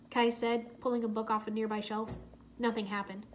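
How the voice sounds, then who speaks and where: A woman narrating a children's storybook aloud in a soft, steady way. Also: mid-range voice, fairly quick, slight background noise.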